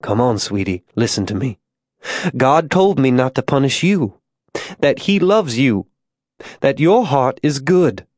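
Tormented frontier zealot, soft-spoken and fervent, read by a male narrator; dry, close audiobook voice. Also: medium pitch, very animated, a little slow, dry recording. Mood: preaching. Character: grown man, tormented religious zealot, gentle to a child.

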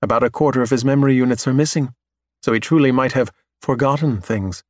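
A man reading a story aloud in steady, measured scripted narration. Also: medium pitch, no echo, clean studio sound.

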